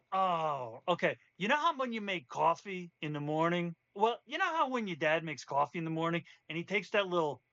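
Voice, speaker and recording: A man's voice: high voice, bright, forceful tone, no echo, muffled recording, exaggerated voice. A man voicing a jovial, irreverent adult man who jokes crudely and talks in a chatty, laid-back way.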